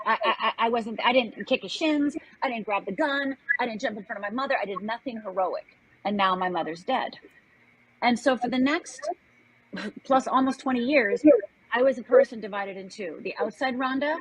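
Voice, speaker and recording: A woman's voice: mid-range voice, normal speed, a bit bright, breathy edge, low-quality recording. An older woman from Upper Michigan, a guest telling a personal story in an earnest, emphatic way. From Upper Michigan, United States.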